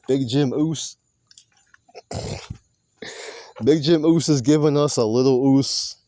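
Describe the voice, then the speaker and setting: A man's voice: medium pitch, slow pace, dark tone, no room sound. A man recapping a wrestling show in a loose, rambling monologue, swearing casually and often correcting himself. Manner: rambling, profane, self-correcting.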